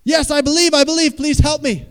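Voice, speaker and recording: A man voicing a terrified man hanging from a cliff, pleading desperately and loudly. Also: extremely high pitch, fairly even intonation, a little fast, big-room sound, pitched above the performer's own voice. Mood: panicked pleading.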